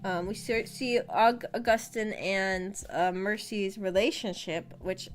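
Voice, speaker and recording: A woman's voice: medium pitch, animated, unhurried. A woman streaming a casual book discussion, chatty and often giggling as she reads chat aloud.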